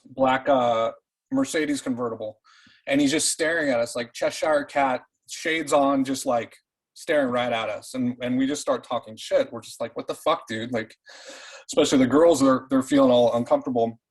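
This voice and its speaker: A man in an online reading group telling a true story in a casual, animated way, swearing freely and often restarting his sentences. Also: mid-range voice, moderate pace, husky, rough recording. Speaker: participant.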